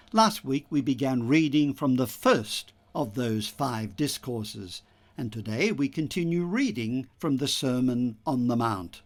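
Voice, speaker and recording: Slow, lively-toned male homilist. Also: medium pitch. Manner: measured, teaching explanations with emphasis. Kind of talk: scripted homily.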